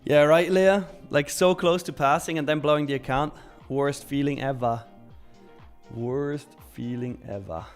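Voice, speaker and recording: A man's voice: fairly high pitch, measured pace, faint music behind. A young man hosting a live stream, casually reading viewer messages aloud and answering them. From Switzerland. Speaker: live-stream trading host.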